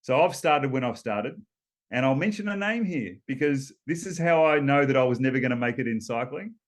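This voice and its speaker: An Australian man in his fifties, a former rower, telling stories as a guest in a relaxed interview, laughing between points and restarting often. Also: medium pitch, a little fast. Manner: chatty storyteller, laughs between points, many ums and restarts. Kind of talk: casual storytelling interview.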